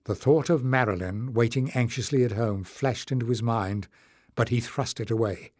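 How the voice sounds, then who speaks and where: Man, audiobook narration, measured, mid pitch, dry close recording. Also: a little mellow, dry recording. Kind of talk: scripted narration.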